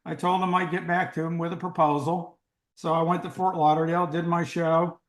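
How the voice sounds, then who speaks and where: Animated older male storyteller. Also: fairly high pitch, brisk. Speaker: guest. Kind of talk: storytelling in an interview. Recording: roomy echo.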